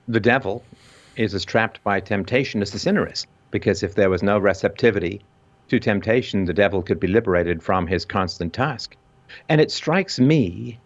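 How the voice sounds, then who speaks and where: Guest commentator, male, lowish voice, intense delivery that swells to forceful emphasis, dull lo-fi recording. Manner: intense, builds to loud emphatic peaks. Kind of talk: impassioned discussion. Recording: dull lo-fi audio.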